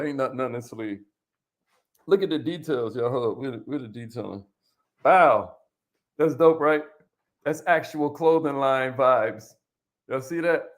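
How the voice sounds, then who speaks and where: A host runs a casual livestream in a lively, slangy style, hyping up viewers, reading their comments and calling out to them. Now and then he drops to a near whisper to make a point.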